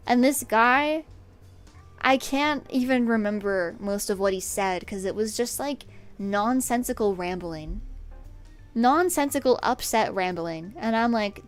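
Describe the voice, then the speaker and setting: A young woman streamer casually telling a story about a coworker, animated and exasperated, laughing often, on a desk microphone at home. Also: fairly high pitch, unhurried, faint music behind. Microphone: desk USB microphone.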